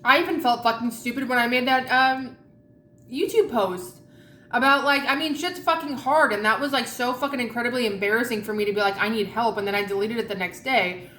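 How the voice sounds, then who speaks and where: A woman's voice: fairly high pitch, a little fast, pushed and bright, echoey room, slight background noise. A woman vlogger chatting casually while eating, rambling and candid with a lot of swearing.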